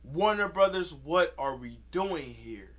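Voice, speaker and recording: A man's voice: fairly high pitch, animated, takes it slowly, a bit bright. A man giving an angry, profane rant about a movie, repeating himself as he vents. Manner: heated, profane, repetitive ranting. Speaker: video creator.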